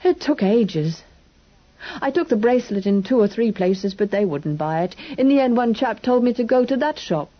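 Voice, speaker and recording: A frightened, hungry young English boy, as a woman reader voices him, his voice lifted noticeably higher than her own and rushing out in quick, anxious questions. The storybook recording sounds slightly muffled. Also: animated. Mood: recounting.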